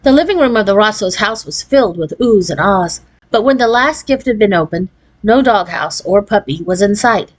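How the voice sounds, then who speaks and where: A woman's voice: mid-range voice, normal speed, low-quality recording. Woman reading a children's book aloud. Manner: expressive, storybook cadence. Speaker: read-aloud narrator.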